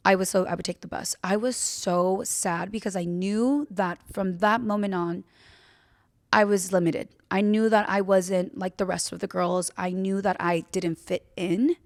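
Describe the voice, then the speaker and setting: A woman's voice: medium pitch, steady tone, measured pace, no echo, clean studio sound. Chatty young woman telling a story. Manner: chatty, filler-heavy, candid with swearing. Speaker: podcast host. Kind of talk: casual personal storytelling.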